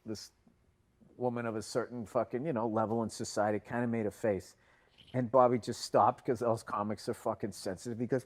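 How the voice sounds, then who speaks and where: A man's voice: medium pitch, flat delivery, fairly quick. Profane man telling stories. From Boston. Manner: profane, rambling anecdotes, acts out other people's lines. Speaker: podcast co-host. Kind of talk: casual storytelling chat.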